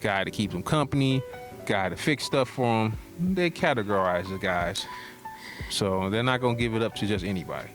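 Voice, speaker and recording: A man's voice: fairly low pitch, moderate pace, faint music behind. A teasing, laughing podcast co-host man. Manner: joking, teasing, animated with laughter. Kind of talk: casual podcast chat.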